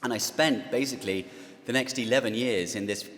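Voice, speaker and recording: A man's voice: medium pitch, fairly quick, a bit bright. A man in his forties with an English accent, giving a self-deprecating speech to an audience, with many fillers and restarts. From England. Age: 40s. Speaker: guest speaker. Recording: long hall reverb.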